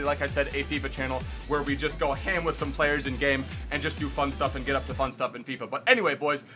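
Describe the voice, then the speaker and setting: A young man hosting a gaming channel, answering viewer questions in a casual vlog at home, with sudden loud excited bursts. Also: a little high. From Miami, United States. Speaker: gaming YouTuber host. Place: bedroom at home.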